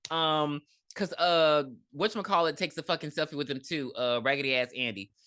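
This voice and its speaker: Low-voiced woman with a bright edge, cussing her way through a movie recap, really expressive. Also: a little fast, clear, resonant tone, no echo, clean studio sound. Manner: blunt, profane, animated storytelling. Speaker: podcast co-host. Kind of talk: casual movie review chat.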